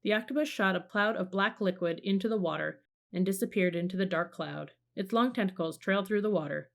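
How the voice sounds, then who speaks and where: A woman reading a children's storybook aloud in a calm, measured narration. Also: mid-range voice, gravelly. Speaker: audiobook reader.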